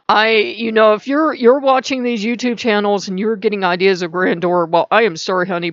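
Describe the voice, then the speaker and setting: A middle-aged woman chatting casually in a rambling vlog, her pitch often jumping up mid-sentence. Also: moderate pace, no echo, highs cut off. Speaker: vlogger. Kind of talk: casual spiritual vlog chat.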